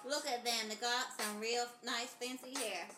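A woman's voice: on the high side, flat delivery, normal speed, reverberant, over music. A woman rapping rambling, goofy freestyle rhymes over a beat. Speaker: podcast co-host.

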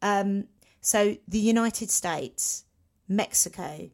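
A woman's voice: mid-range voice, takes it slowly, vocal fry. A woman co-hosting a podcast in casual chat, rambling and self-mocking. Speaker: podcast co-host.

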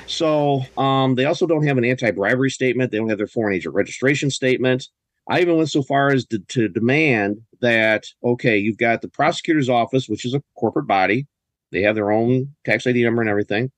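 This man, a podcast guest living in a US state, talks fast in a mid-range voice with no echo around it. His storytelling is casual and conversational, but he gets emphatic and indignant, frequently starting his sentences over.

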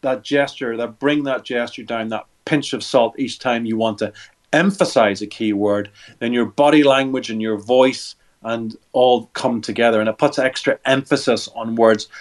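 A middle-aged man of ordinary, mid-range pitch explains things patiently in an interview. He guides the listener through each movement step by step. He often repeats words as he restarts a sentence. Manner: instructive, walks listener through hand gestures step by step. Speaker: body language expert guest.

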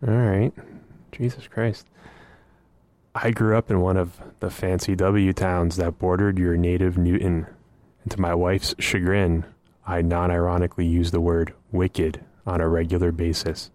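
A man co-hosting a casual podcast, teasing his co-host in a deadpan way and reading out listener letters. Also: low-pitched, measured pace.

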